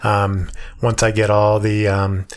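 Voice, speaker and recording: A man co-hosting a casual podcast with a weak, hoarse voice after a hospital stay, rambling with lots of fillers. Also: lowish voice, completely flat delivery, takes it slowly. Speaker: podcast co-host. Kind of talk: casual chat.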